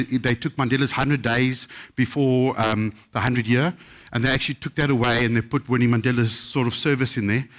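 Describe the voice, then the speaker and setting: A middle-aged man from South Africa, a chef telling lively, humorous stories to a live audience. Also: medium pitch. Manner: lively, humorous, mimics other people's voices in quotes. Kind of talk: live anecdotal storytelling to an audience.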